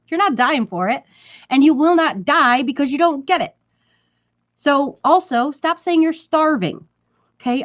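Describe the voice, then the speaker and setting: Chatty woman vlogger, slightly high voice. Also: a bit bright, muffled recording. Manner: chatty, emphatic, repeats herself, laughs between points. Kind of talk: casual talk to camera.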